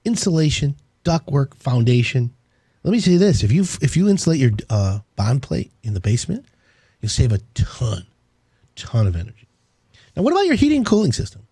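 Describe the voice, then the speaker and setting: A man's voice: mid-range voice, wildly swooping pitch, brisk, warm tone, breathy edge, no echo, studio quality. A man hosting a home improvement radio show, rambling in enthusiastic salesman patter. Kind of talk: casual on-air talk.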